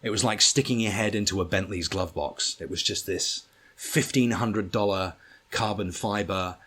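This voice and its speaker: Man, low register, casual guest, animated bawdy storyteller with comic timing. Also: moderate pace, slightly rough. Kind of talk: casual anecdote telling.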